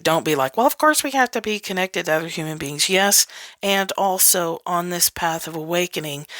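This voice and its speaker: A woman with a fairly low voice talks in a candid, loose teaching style and breaks into laughter often. She swears casually. The recording is dry and close, with no room sound. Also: fairly bright tone, no room sound. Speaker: podcast host.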